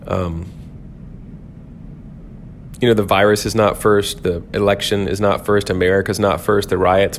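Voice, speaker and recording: A man with a fairly low voice teaches scripture on a podcast in an earnest, reflective way. He often stops partway through a sentence and starts it again. A faint low rumble sits under the recording. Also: creaky. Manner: earnest, thoughtful, with frequent restarts and fillers. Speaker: podcast host, pastor.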